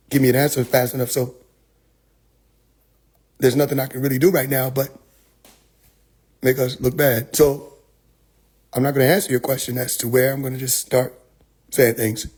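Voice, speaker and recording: A man's voice: mid-range voice, darkish tone, husky. A man, telling a profane, comedic story with heavy slang. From Atlanta, US.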